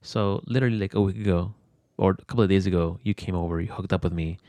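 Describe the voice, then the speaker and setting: In this interview clip, a young man recounts something from his own life in a deep, mellow voice with fairly even intonation. He talks fast and loosely, full of fillers and casual swearing, and the recording has no echo.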